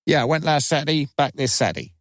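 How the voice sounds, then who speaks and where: A man's voice: a little high, expressive, fast talker, dry recording, clean studio sound, voice pushed up, close to an everyday voice. A man voicing a coarse, defensive working-class young woman who speaks in a common way. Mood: brash. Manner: common-sounding, defensive, cheeky.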